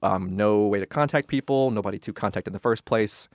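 An attorney in his thirties, appearing as a podcast guest, tells stories casually in conversation, rambling and laughing as he corrects himself. His voice is on the low side and brisk. The recording is dry and of studio quality.

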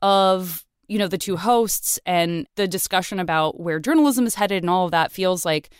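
A woman's voice: on the low side, normal speed, clean tone, no echo, studio quality. A woman hosting a podcast interview, gushing and emotional with lots of filler words. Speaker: podcast host. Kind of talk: casual interview chat.

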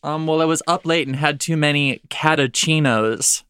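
A woman's voice: sits low, moderate pace, a bit bright, smooth, no echo, clean studio sound. A woman comedian guesting on a podcast, cracking puns and laughing at her own jokes. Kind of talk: improvised comedy game.

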